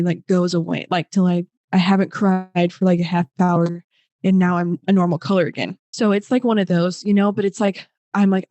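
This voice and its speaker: A woman's voice: mid-range voice, no echo. Young woman telling a story, dry sound. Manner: animated, acts out quoted voices; many fillers like "like". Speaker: podcast guest. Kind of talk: personal storytelling.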